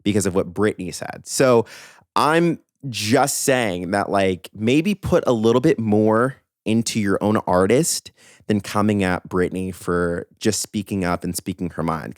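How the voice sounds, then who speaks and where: Deep-voiced man giving blunt pop opinions. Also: no room sound, clean studio sound. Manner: animated, opinionated, talks in bursts with fillers and emphatic asides. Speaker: podcast host. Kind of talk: opinionated pop culture commentary.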